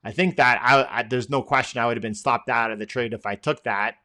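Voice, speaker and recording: A man hosting a live trading session, reading out viewer questions and answering them off the cuff. His voice is bright and crisp. He rambles, restarts sentences and fills the gaps with filler words. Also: mid-range voice, steady tone, brisk. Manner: loose and rambling, many fillers and repeated words. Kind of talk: casual live-stream Q&A.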